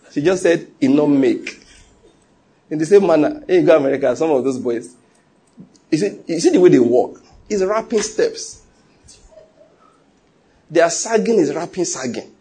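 A man preaching a sermon in an animated way, full of laughing asides and acted-out quotes. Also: on the high side, husky.

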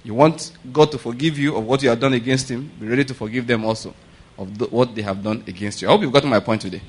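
A man's voice: medium pitch, fast talker, husky. A man preaching a sermon, often checking with his congregation that they follow him, breaking into pidgin and laughter as he tells stories. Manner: animated storytelling with pidgin asides, laughing; repeats questions to the congregation. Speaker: pastor.

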